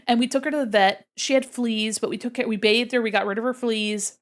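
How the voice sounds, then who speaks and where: A woman's voice: on the high side, fairly even intonation, brisk. Gushing, giggly young woman streamer. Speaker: art streamer. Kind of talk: casual livestream chat.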